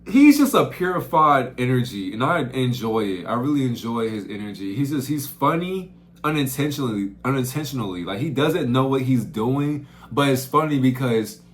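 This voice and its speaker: A young man working as a camp counselor, telling stories in a casual, slangy way that swings up into loud outbursts. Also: mid-range voice. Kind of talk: casual storytelling vlog.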